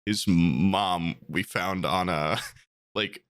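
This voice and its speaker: A man's voice: slow, smooth, no echo, clean studio sound. A man co-hosting a podcast, telling stories in casual chat and leaping into mocking voices when he quotes people. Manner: animated storyteller, jumps high into mocking quoted voices. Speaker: podcast co-host.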